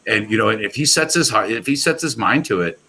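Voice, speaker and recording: A man's voice: fairly low pitch, animated, fast, bright, forceful tone, husky, rough recording. A man talking as a guest on a casual podcast, rambling and enthusiastic with many restarts. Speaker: guest, pool products company owner.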